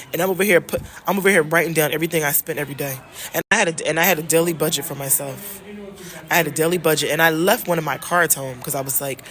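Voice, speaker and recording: A woman from the United States chatting casually in a travel vlog, animated and emphatic, repeating phrases and talking straight to her viewers. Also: sits low, quick pace, a little hiss or hum. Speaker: travel vlogger and love coach.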